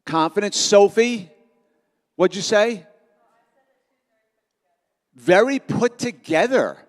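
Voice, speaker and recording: A middle-aged man giving an energetic, self-mocking motivational talk to students at a school assembly. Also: sits high, slow. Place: large school auditorium. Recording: long auditorium reverb.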